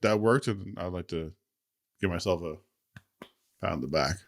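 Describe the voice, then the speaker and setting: Low-voiced rambling podcast co-host. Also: male voice, moderate pace, gravelly, dry recording, studio quality. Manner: rambling storytelling, swears, laughs easily. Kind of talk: casual chat.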